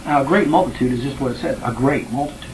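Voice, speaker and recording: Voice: medium pitch, fast, darkish tone, slight background noise, poor audio. A Bible class teacher leading a study, who reads scripture, retells it in everyday words and keeps checking in with the class.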